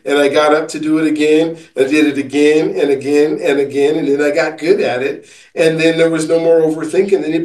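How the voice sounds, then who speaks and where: A man with a slightly high voice tells a rambling, anecdotal story in an interview. He sits back from the mic in a roomy space, so his voice sounds distant and echoey. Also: darkish tone. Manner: rambling, anecdotal, many fillers and restarts. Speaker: author and coach.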